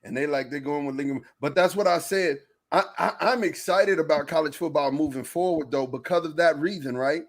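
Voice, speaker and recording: A man co-hosting a sports podcast, talking fast and loose, repeating phrases and jumping in over his partner. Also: on the high side. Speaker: podcast co-host. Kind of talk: casual sports chat.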